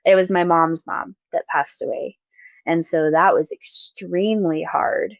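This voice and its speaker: A young woman telling a painful personal story as a podcast guest, halting and soft, with pauses and fillers. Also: fairly low pitch, fairly even intonation, gravelly, no echo, low-quality recording.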